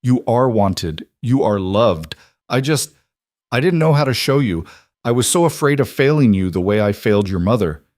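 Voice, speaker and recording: A man's voice: mid-range voice, animated, normal speed, darkish tone, no room sound, clean studio sound, close to an everyday voice. A man voicing a stern, grieving nobleman duke in a storybook reading. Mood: broken. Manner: icy then pained.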